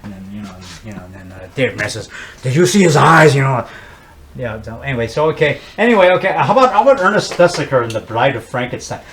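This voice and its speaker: A man's voice: medium pitch, lively intonation, fast talker, a bit bright, poor audio. A man, a horror movie maker as guest, chatting casually and showing props, rambling with frequent stammered repeats.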